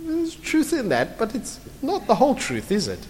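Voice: mid-range voice, wildly swooping pitch, moderate pace, long reverb tail, noisy background. A pastor preaching a sermon in a conversational, blunt and emphatic way, often tossing rhetorical questions to the congregation.

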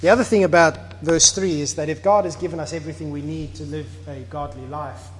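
A man preaching a sermon as pastor, animated, acting out little scenes and swinging between quiet and loud. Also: a little high, brisk, husky, long reverb tail. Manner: animated, acts out little scenes with shifting volume.

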